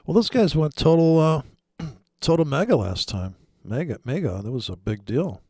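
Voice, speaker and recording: A man's voice: a little high, animated, moderate pace, darkish tone, slightly rough, dry recording, studio quality. A man from Michigan chatting casually, joking and rambling with many restarts. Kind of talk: casual chat.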